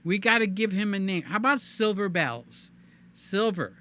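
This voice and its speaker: A man hosting a live stream in casual, animated chat, cooing in baby talk and reading viewer comments aloud. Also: sits high, moderate pace, a little hiss or hum. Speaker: livestream host.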